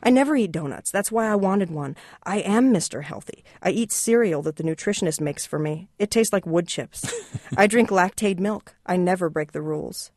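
A reader voicing an anxious, irritable man who complains and talks too loudly. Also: medium pitch, normal speed, hardly any pauses, dry recording, clean studio sound, close to an everyday voice. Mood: agitated. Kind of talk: reading a novel aloud.

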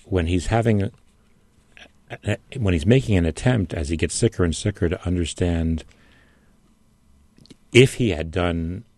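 A man as a radio guest, talking through a novel in a measured way while searching for words. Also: deep voice, darkish tone, dry recording. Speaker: studio guest. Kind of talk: literary discussion on radio.

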